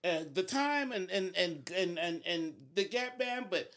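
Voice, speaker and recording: High-voiced man excitedly recalling a concert. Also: a little slow. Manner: excited recounting, many fillers like "you know". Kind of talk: casual podcast chat.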